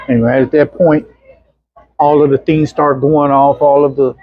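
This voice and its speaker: Husky man telling his story. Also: medium pitch, moderate pace, no room sound. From Arkansas, USA. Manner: animated, acts out the voices of people in his stories. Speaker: interview guest. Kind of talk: personal storytelling in a casual interview. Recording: dull, muffled lo-fi sound.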